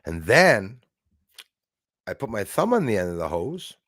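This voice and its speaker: Animated man telling a story, low voice. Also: unhurried, no room sound, studio quality. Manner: animated, acts out quoted voices, frequent fillers. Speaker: live stream host. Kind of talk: casual storytelling.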